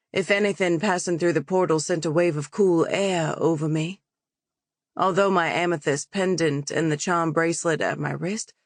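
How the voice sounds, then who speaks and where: Unhurried female audiobook narrator. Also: low-pitched, dry recording, clean studio sound. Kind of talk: first-person audiobook narration.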